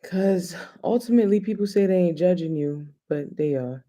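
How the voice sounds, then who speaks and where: A man's voice: high-pitched, normal speed, warm tone. A man hosting a casual chat show, talking in a loose, joking, slangy way. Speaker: host.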